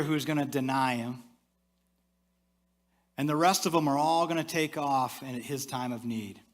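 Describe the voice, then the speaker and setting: During a church sermon, a male pastor chats with the congregation and slips into a hushed, low voice whenever he makes an aside.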